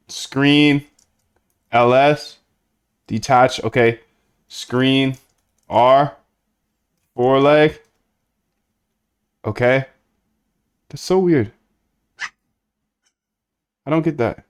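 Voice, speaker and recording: A man's voice: mid-range voice, fairly even intonation, drawn-out words, long pauses, clean tone. A man streaming himself coding, chatting casually and thinking aloud as he works. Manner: thinks aloud while working, chatty and loose. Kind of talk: casual live-coding chat.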